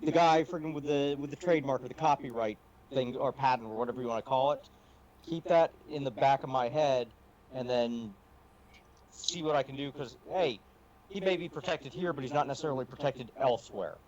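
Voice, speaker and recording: A man playing in a tabletop game, talking in a quick, offhand way. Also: medium pitch, darkish tone, muffled recording. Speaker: player. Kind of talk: casual tabletop play.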